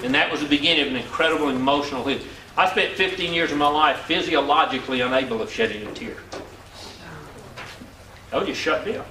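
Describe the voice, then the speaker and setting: This earnest motivational business talk comes from a man in his sixties who talks fast in a fairly high-pitched voice and repeats words for emphasis. A far-off mic picks him up in an echoey hall with faint ambient noise.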